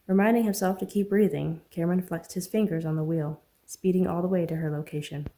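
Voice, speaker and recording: Woman, author narrating audiobook, low pitch, warm dark tone, earnest. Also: steady tone, a little fast. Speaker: author reading own novel.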